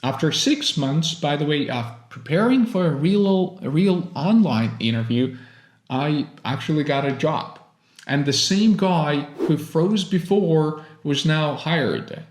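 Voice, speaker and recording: Slow, earnest Russian-born man with an American accent. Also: on the high side, echoey room. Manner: earnest, encouraging, deliberate phrasing. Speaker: English teacher. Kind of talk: motivational teaching monologue.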